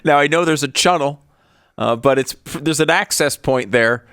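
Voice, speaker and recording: A man's voice: on the high side, normal speed, a bit bright, smooth, no room sound, studio quality. A man co-hosting a podcast, commenting casually and wryly with chuckles between his remarks. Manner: wry, laughs between remarks. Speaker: podcast co-host.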